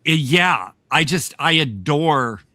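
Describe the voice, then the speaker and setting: An older American man hosts a podcast in casual chat, rambling, restarting his sentences, and laughing often. His voice is on the high side, expressive, slow, pushed and bright.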